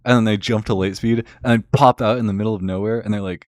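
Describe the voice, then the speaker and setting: A man with a low, deep voice rants sarcastically to a friend in a loose, rambling way, full of filler words. The recording is dry and close, with no room echo. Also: fairly even intonation, quick pace. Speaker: channel host. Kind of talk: casual rant to a friend.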